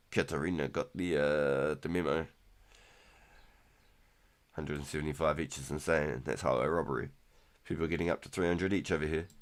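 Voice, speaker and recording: A man in his thirties casually chatting through a live game stream, relaxed and rambling, with keyboard clicks behind him. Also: rumbling low. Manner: relaxed, rambling, repeats words. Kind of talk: casual gameplay commentary.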